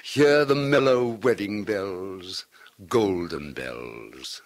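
A man giving a dramatic literary reading with crisp, precise diction, swinging between hushed murmurs and loud declaiming. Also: low voice, very slow. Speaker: reader of classic verse and tales.

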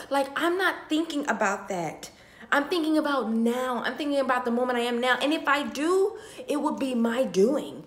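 Young woman vlogger, tearful and sighing, a little high-pitched, heartfelt and repetitive, phone camera in an echoey room. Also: animated, fairly quick. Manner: heartfelt, repetitive, swinging between hushed and loud. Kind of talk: emotional talk to camera. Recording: roomy echo.

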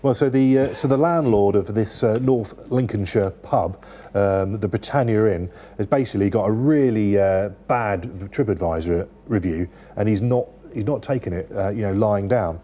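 A man's voice: on the low side, moderate pace, dark tone. A man reviewing newspaper stories in casual chat, rambling with many fillers and restarts.

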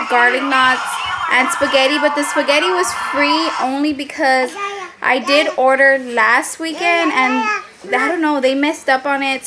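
A woman chatting casually with her vlog viewers, laughing often and sounding full after a meal. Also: sits high. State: pregnant, very full after eating. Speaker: vlogger. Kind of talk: casual chat. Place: restaurant, then home by the Christmas tree.

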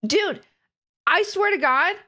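A woman's voice: very high voice, animated, takes it slowly, pushed and bright, faint music behind. A young adult woman streamer in casual live chat, laughing often and swearing freely as she reacts to videos.

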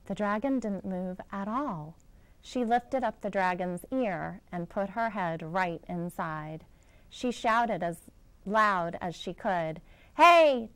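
A woman, a school director, reading a children's picture book aloud in a gentle storytelling manner. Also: mid-range voice, clear, resonant tone, low-quality recording.

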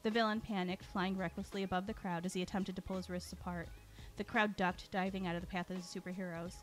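Woman storyteller, lively character reading, soft music under her voice. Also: on the low side, fast. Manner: lively character reading with frequent throat clearing.

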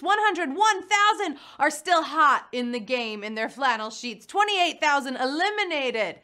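Playful bright-voiced woman quiz host. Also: high voice, big pitch swings, unhurried, hardly any pauses, faint music behind. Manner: playful, punny, chatty with the audience. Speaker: game show host. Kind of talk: live mobile quiz show hosting. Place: studio in New York.

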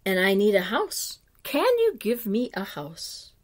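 Woman reader as storybook boy turned old man, slow, a little lower, lively pitch. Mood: wanting.

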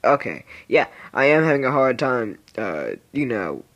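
Very animated and a bit bright, this teenage boy speaks at a measured pace while his voice breaks with puberty. A gaming video creator, he rambles goofily over casual gameplay and keeps lapsing into squeaky, silly voices.

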